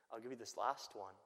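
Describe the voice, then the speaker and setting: A man, a Catholic priest, preaching a sermon and telling stories in an animated way. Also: medium pitch. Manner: animated storytelling that acts out the people it quotes. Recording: long church-hall reverb.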